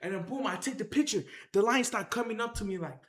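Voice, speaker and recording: A man with a high voice talks at a quick pace on a livestream, his sound reverberant. He tells a rambling, animated story, repeating himself and speaking directly to his chat.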